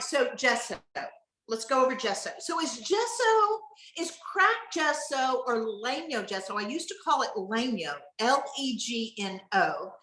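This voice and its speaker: A middle-aged woman, teaching furniture finishing in a casual online mentoring session and telling stories with lively acted-out dialogue. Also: a little high. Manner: animated storyteller, acts out what people said. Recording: roomy echo.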